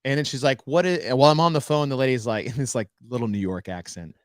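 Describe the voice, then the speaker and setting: Podcast co-host, male, animated storyteller who voices the people in his story, dry close mic. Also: mid-range voice, fast talker, no room sound. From United States. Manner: animated storyteller acting out dialogue. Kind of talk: casual storytelling chat.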